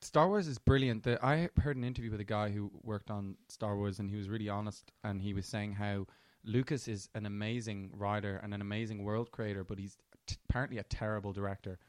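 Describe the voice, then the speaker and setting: A man, co-hosting a podcast with animated, sweary chat and quick asides. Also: fairly low pitch, no room sound, studio quality. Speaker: podcast co-host. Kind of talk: casual chat.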